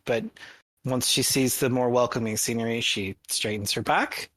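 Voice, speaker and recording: Woman gm narrating, bright sharp voice, dry close sound. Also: a bass voice, moderate pace, no echo. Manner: descriptive, prompting players. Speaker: game master. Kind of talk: narrating a tabletop game.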